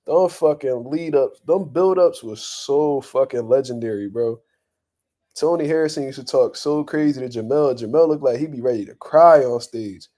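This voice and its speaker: A young man hosting boxing talk, ranting bluntly and profanely in a casual, animated way and laughing often. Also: medium pitch, moderate pace. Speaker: boxing commentary host.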